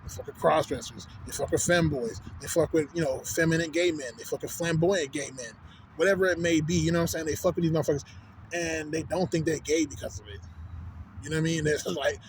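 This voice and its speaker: Texan man, slightly high voice, rambling profane rant, outdoors by a street, faint background noise. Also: fairly even intonation, fast talker. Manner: rambling, profane, keeps asking "you know what I'm saying". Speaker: vlogger. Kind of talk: casual rant.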